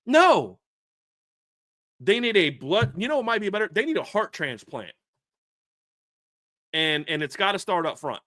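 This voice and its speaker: A man on a sports podcast goes off in a heated rant, stumbling over restarts as he pushes his point. His voice is bright and forceful and sits a little high for a man. The sound is close and dry, with no room around it. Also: sing-song, measured pace, pauses often, no echo. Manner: fired up, ranting, repeats himself with restarts.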